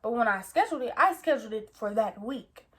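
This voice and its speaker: A woman's voice: a little high, animated, a little fast, fairly bright tone. A young woman in her late teens tells a story in a casual, rambling way, full of slang and repeated fillers like "like" and "you feel me". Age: young adult. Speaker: vlogger.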